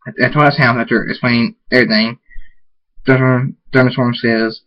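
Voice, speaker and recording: A man narrating a fan story aloud, halting and restarting often as he reads. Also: mid-range voice, flat delivery, highs cut off.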